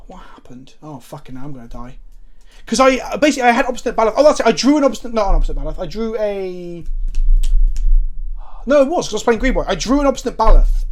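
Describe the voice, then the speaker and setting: Guy, high voice, rambling card-game storyteller, swears a lot, laughs at himself. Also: sing-song, fast talker. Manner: rambling, swears, self-mocking, frequent restarts. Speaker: card game player and co-host. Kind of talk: casual gameplay chat with anecdotes.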